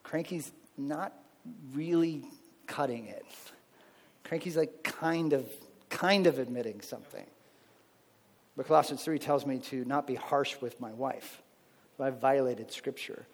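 A man's voice: mid-range voice, a little slow, long pauses. Man preaching in a reverberant hall. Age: adult, married with children. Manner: conversational preaching with frequent "right?" asides. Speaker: pastor. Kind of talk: sermon.

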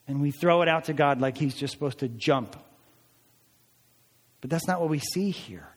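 A man's voice: medium pitch, expressive, unhurried, pauses often, breathy edge, big-room sound. A man preaching a sermon as a pastor, earnest and emphatic, his voice rising on pleading passages.

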